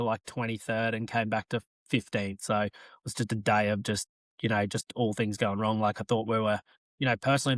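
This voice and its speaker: Australian racing driver, podcast co-host, loose rambling storyteller, mid pitch, dry close sound. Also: male voice, fairly bright tone, no room sound. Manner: rambling storytelling with frequent laughs. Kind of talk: casual chat.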